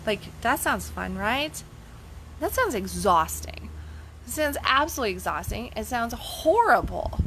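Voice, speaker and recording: A woman's voice: fairly high pitch, sing-song, measured pace, fairly bright tone, slight background noise, poor audio. A woman life coach giving a blunt, casual motivational talk, swearing freely and asking rhetorical questions.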